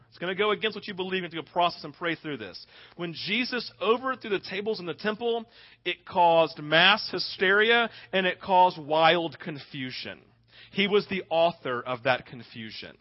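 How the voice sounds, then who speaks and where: A male pastor preaching a sermon with impassioned, dramatic storytelling, often asking his listeners "right?". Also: on the high side. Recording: dull lo-fi recording.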